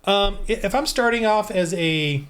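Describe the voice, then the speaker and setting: A man with a somewhat high voice talks casually into a desk microphone. He thinks aloud as he rolls dice and works out a tabletop adventure, in a loose, off-the-cuff tutorial manner. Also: normal speed, a bit bright. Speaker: tabletop game designer. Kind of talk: casual solo game-prep walkthrough.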